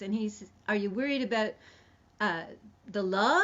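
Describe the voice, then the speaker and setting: A woman's voice: fairly high pitch, normal speed, a bit bright. Chatty woman leading a sing-along. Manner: chatty, explains then sings refrain syllables. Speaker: song leader. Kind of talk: online singing lesson. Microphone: computer mic on video call. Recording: dull lo-fi video call audio.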